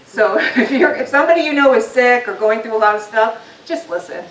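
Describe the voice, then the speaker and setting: A woman's voice: a little high, animated, fairly quick. A woman giving a personal motivational talk to a live audience in a meeting hall, candid and conversational with frequent ums. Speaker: guest speaker. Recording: roomy, distant, faint noise.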